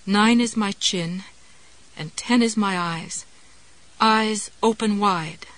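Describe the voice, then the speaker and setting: A woman's voice: mid-range voice, slow pace, a bit bright, dry recording, poor audio. A woman reading an audiobook, voicing a frightened grown woman who speaks meekly in a trembling, childish way. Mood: chanting.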